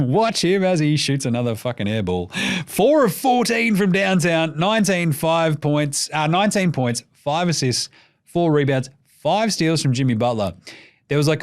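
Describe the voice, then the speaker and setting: A young man with an Australian accent recapping a basketball game, profane and jokey, often mimicking players and commentators. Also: medium pitch. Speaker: basketball podcast host. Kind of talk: casual sports recap.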